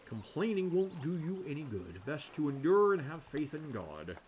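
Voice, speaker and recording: A man voicing a stern, pious older village man from a video game, speaking low and dour. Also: very animated, normal speed, a little mellow, slight background noise.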